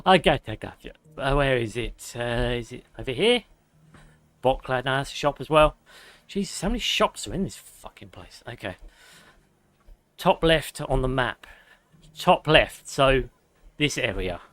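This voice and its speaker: A man's voice: medium pitch, very animated, a little slow, pauses often, a bit bright, no room sound. A young man chatting casually to his viewers while playing a video game, swearing now and then and reading chat aloud. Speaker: gaming streamer. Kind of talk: casual live gameplay commentary. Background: game music.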